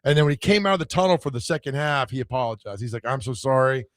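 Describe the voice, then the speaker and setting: A man co-hosting a sports radio show, hoarse from screaming, telling animated, self-mocking stories. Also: mid-range voice, fast, no echo, studio quality. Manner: animated storyteller, laughs at himself. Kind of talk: casual sports radio banter.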